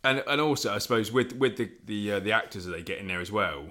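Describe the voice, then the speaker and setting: A man co-hosting a casual sports radio chat, talking in halting, rambling restarts. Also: fairly low pitch, pushed and bright. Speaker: podcast co-host.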